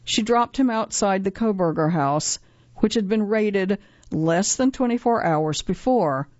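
A woman narrates a news feature from a script, in a measured, even reading. The recording is dry and a little dull. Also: medium pitch, dry recording.

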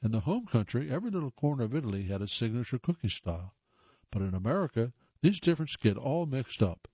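A talking tomato tells its own story, voiced by a man reading aloud. The tone is mellow and relaxed. The sound is dry and slightly muffled. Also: medium pitch, fast, breathy edge, dry recording. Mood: chatty. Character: talking tomato narrating its history. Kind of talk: read-aloud first-person piece.

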